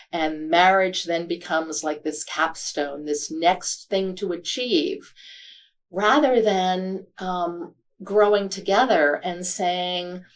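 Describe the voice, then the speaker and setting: A woman author as a podcast interview guest, speaking reflectively and halting with frequent fillers. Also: on the low side.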